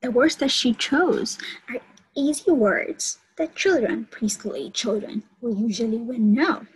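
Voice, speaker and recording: A woman's voice: a little high, a little slow, breathy edge, rough recording. A woman college instructor giving an online lecture and explaining teaching steps to her students.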